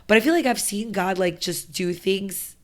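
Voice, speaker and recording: A woman's voice: medium pitch, moderate pace. A woman podcast guest in casual conversation, talking earnestly and using lots of "like" fillers. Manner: talkative, many "like" fillers, earnest. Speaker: podcast guest, real estate entrepreneur.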